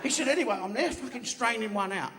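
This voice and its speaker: Brash stand-up man, lively pitch. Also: fast, noisy background. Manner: crude, brash storytelling with heavy swearing. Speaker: stand-up comedian. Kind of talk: live stand-up routine. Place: large theatre stage. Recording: echoey hall with loud audience. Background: live audience laughing.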